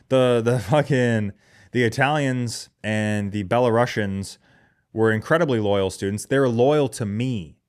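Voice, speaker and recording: A man hosting a podcast in a casual comedic monologue, profane, sarcastic and self-deprecating. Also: medium pitch. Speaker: podcast host.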